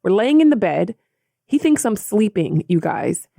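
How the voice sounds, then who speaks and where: Een vrouw die als co-host van een podcast geanimeerd en losjes verhalen vertelt en haar luisteraars direct aanspreekt. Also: female voice, mid-range voice, measured pace, gravelly. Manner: animated, addresses listeners as y'all. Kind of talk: casual storytelling.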